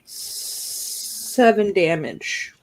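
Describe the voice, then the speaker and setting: A woman playing a tabletop game talks her turn through slowly. She hesitates often and thinks aloud as she decides what to do. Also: mid-range voice, animated, no room sound. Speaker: player. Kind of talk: casual tabletop game play.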